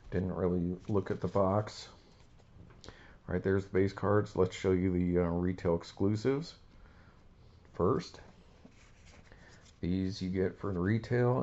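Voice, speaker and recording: A man's voice: low-pitched, vocal fry, dark tone, dull audio, slight background noise. A man hosting a casual card-opening video, talking in a rambling, laid-back way. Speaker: card-collecting channel host.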